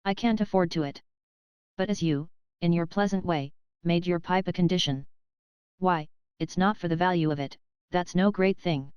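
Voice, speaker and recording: Female reader as a fawning, wheezy old money-grubber, crafty and frail, crisp dry storybook read. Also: fairly low pitch, moderate pace, a little mellow, no echo, dull audio, close to an everyday voice. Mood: wheedling. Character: wheedling, grasping frail old moneylender man.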